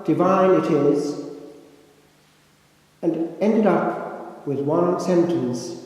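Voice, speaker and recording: Slow-speaking older priest in echoing church. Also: male voice, on the high side, a little mellow. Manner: slow, reflective storytelling with dramatic pauses. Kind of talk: sermon. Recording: echoey church with long reverb.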